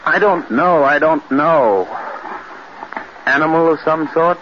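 A man's voice: on the high side, takes it slowly. An actor playing a guilt-stricken man driven half mad by horror, in 1940s radio acting, with a strained voice that breaks into anguished cries. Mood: tense. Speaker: Charles Prentice, a man haunted by his wife's death. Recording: muffled old radio recording, loud hiss.

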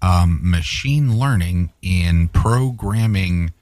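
A man's voice: low voice, slow, a little mellow, dry recording. A man co-hosting a casual radio chat show, rambling and playful. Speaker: co-host.

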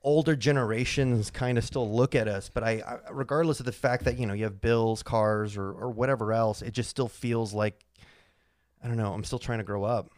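A man's voice: medium pitch, steady tone, a little fast, darkish tone. A man in his thirties hosting a casual podcast chat. He rambles, trails off into mumbles and pokes fun at himself. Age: 30s. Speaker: podcast host.

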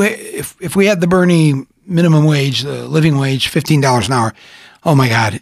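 A middle-aged man from Michigan hosting a conversation, rambling and animated, with frequent restarts and laughs. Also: medium pitch, no echo, studio quality. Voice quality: husky. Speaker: host. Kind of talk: casual conversation.

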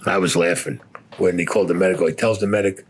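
An older man in his seventies with a husky, slightly low voice tells a war story in a blunt, swearing, unpolished way. He talks like someone recalling things out loud rather than reading. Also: steady tone, fast talker. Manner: blunt and heavily profane. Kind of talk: rough spoken storytelling.

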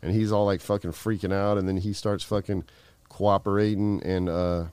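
A middle-aged man tells his story in a loose, rambling way, peppered with swearing and filler words. His voice sits very low, and the recording is dry with no room sound. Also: little pitch movement, moderate pace, darkish tone, clear, resonant tone, no room sound. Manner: rambling, profane, heavy fillers. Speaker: guest. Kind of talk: casual storytelling.

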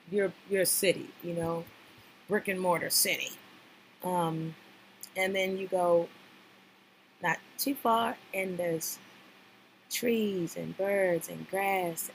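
A woman's voice: fairly low pitch, a little hiss or hum, low-quality recording. A woman hosting a casual podcast, chatting and gushing as she reacts to a TV episode. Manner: chatty and gushing, lots of fillers. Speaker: podcast host reacting to a reality show. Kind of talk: casual chat.

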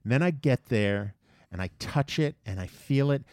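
A man rants his way through a story, profane and worked up, stumbling and restarting as he goes. He talks at a middle pitch. The recording is dry and close, with no room sound. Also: moderate pace, no echo. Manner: animated ranting anecdotes with profanity. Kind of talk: casual chat, storytelling.

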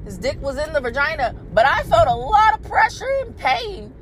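Woman, podcast host, lively swooping delivery, slightly high voice, blunt and profane, faint noise behind. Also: moderate pace. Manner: blunt, profane, animated, with frequent laughs; addresses listeners directly as "y'all". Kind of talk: casual storytelling monologue.

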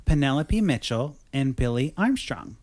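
A man hosting a podcast, talking in a mid-range voice with an upbeat, chatty manner. He tosses in quick asides while recapping for his co-hosts. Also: mid-range voice, very animated, a little mellow. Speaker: podcast host. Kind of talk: casual chat.

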